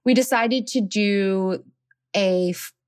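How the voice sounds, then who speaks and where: A woman in her thirties casually telling her birth story as a podcast guest, animated and laughing often. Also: medium pitch, slow pace, clean tone, no room sound, clean studio sound.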